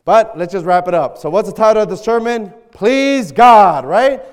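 High-voiced preacher bantering with the congregation. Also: male voice, expressive, normal speed. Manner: loud, bantering call-and-response with the congregation. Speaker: pastor. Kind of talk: sermon. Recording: long hall reverb.

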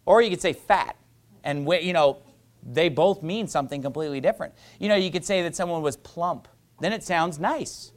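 A male pastor preaching a sermon in an emphatic, mocking style that builds to rising fervor. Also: high-pitched.

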